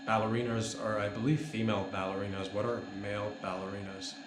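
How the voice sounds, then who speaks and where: A man's voice: on the low side, little pitch movement, quick pace, music in the background. Rambling mock-serious man in an echoey room. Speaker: comedy podcast host. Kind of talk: rambling deadpan comedy monologue. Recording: roomy echo with faint noise.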